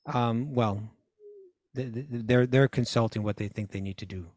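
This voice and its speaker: A man's voice: mid-range voice, moderate pace, darkish tone, dry recording, studio quality. A man casually retelling a story on a talk show, acting out the voices and laughs of the characters as he goes. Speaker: podcast co-host.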